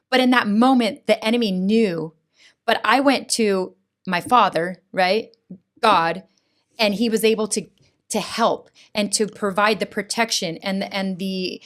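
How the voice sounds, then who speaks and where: A middle-aged woman, a guest on a podcast, telling a heartfelt personal story in an earnest, animated way and often asking "right?". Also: mid-range voice, measured pace. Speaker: school board president, guest. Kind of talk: emotional personal testimony in a podcast interview.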